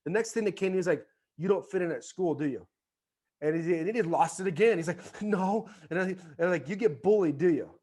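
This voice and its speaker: Telling a story as a podcast guest, this former baseball player in his forties animatedly performs the voices of the people in it during casual conversation. He sounds high-pitched, expressive, fast and a little mellow.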